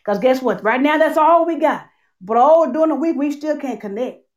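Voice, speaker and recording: Preaching woman with a lively swing. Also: high voice, normal speed, highs cut off. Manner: call-and-response preaching, swinging loud and soft. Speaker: church speaker. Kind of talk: sermon.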